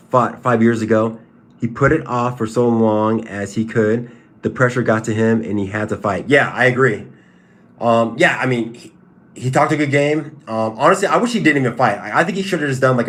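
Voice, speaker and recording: A man's voice: medium pitch, a bit bright. Stop-start man chatting on a livestream. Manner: repetitive, stop-start, emphatic. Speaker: livestream host and fighter. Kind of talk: casual livestream commentary, answering chat.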